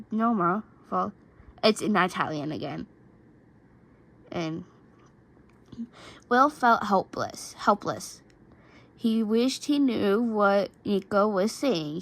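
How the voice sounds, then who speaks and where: Slow, stumbling woman reading a story. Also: mid-range voice, low-quality recording. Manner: stumbling, frequent restarts and self-corrections. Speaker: fan fiction reader. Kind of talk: amateur reading aloud of fan fiction.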